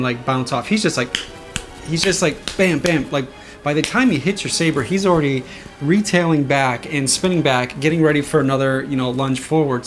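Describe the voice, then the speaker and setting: A saber sound font designer casually explains how he made his sound effects. He's eager, mimicking whooshes and booms with his own voice.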